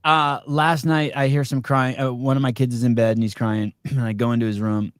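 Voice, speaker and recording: Forties male host, mid-pitched, dry close recording, easygoing and wry. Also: brisk, clear, resonant tone, no echo. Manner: relaxed anecdotal, self-deprecating. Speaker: podcast host. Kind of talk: casual chat.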